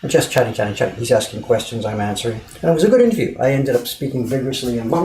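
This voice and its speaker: A man telling stories in a casual chat, animated and full of fillers. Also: medium pitch, rapid-fire. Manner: animated storytelling, lots of fillers. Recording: echoey room with background noise.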